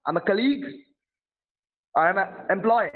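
A man's voice: high-pitched, expressive, normal speed. A man playing a support agent on a phone call, pushy and threatening, repeating his demands over and over. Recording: tinny phone line.

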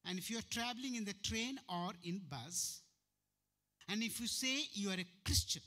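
A man with an Indian English accent preaching a sermon as pastor, firing rhetorical questions and jumping sharply in pitch and volume. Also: normal speed. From Uttarakhand, India. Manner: sudden sharp jumps in pitch and loudness.

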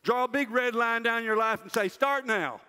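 An older man giving a loud, emphatic chapel sermon to university students in a large hall. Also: very high voice, flat delivery, fairly quick, clear, resonant tone. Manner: loud, emphatic preaching that drops to a soft, self-mocking aside. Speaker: university president speaking at chapel. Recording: reverberant hall.

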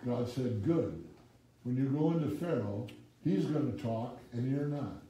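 A male pastor preaching an animated sermon, reading scripture in old-fashioned wording and prompting the congregation to finish the verses, with wry asides. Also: medium pitch, unhurried. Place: church sanctuary with congregation. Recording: echoey room, speaker far from the mic.

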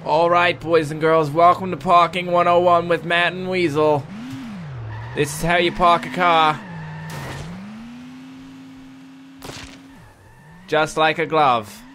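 A man's voice: medium pitch, normal speed, a bit bright, a little hiss or hum, natural voice. Man putting on a patronizing mock instructor. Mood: mock teacherly. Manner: put-on vague accent, teacherly sing-song.

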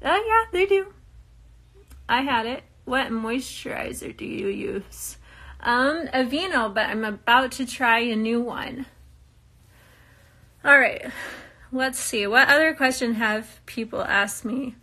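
A woman's voice: on the high side, animated, slow, pauses often, pushed and bright. A young woman from the US reading viewer questions aloud and answering them in a casual, chatty way, laughing often. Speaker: reality show cast member answering viewer questions. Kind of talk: casual live Q&A chat.

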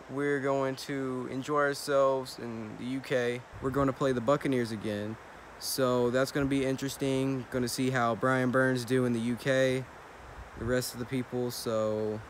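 A man's voice: mid-range voice, slight background noise. A young man talking casually and upbeat in a sports vlog, first outdoors after a game and later at home. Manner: upbeat, chatty, loose. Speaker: vlogger.

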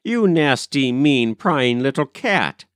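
A man reading a story aloud, voicing a quick-tempered, gossiping woman servant who talks in rustic, ungrammatical speech. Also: mid-range voice, very animated, a bit bright, clear, resonant tone, dry recording, studio quality. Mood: scolding.

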